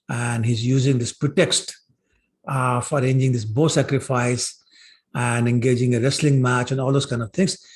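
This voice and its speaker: A man teaching a scripture class in a casual storytelling way, with many fillers, acting out what the characters say. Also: medium pitch. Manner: conversational, many fillers like "you know", voices characters' lines. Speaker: class speaker.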